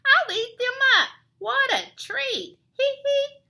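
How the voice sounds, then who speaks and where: A woman's voice: lively intonation, takes it slowly, vocal fry, bright, forceful tone, heavily acted. A woman doing a shrieking, cackling bat villain. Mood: gleeful menace. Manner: cackling, shrill and taunting. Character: screeching gleeful male bat villain.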